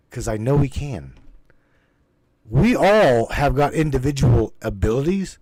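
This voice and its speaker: A man's voice: medium pitch, lively intonation, a little slow, a little mellow, no room sound. A man hosting a spiritual livestream, talking casually to his live chat in a rambling, repetitive, emphatic way and swearing freely. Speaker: host of a spiritual livestream broadcast.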